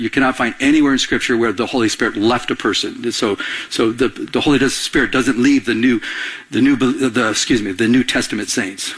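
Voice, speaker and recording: A pastor preaching a sermon in a church, talking conversationally and often asking the congregation questions. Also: male voice, mid-range voice, a bit bright, husky. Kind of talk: sermon teaching. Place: church sanctuary.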